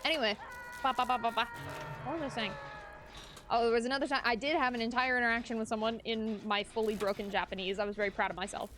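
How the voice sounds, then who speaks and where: A woman's voice: fairly high pitch, steady tone, fast, a bit bright, faint music behind. A woman streaming a game, telling stories in casual, chatty talk with bursts of laughter. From United States. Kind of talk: casual chat while gaming.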